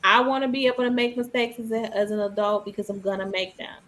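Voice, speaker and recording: A woman's voice: mid-range voice, fairly even intonation, fast talker, fairly bright tone, slight background noise, low-quality recording. Woman cohost on a podcast, emphatic, says it like she means it. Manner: emphatic, speaks with conviction. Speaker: podcast co-host. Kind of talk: casual podcast chat.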